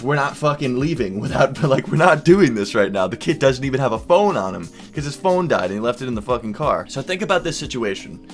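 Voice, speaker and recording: A young man vlogging, casually telling a wild night's story with lots of swearing and animated quoted voices. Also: mid-range voice. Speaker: YouTuber.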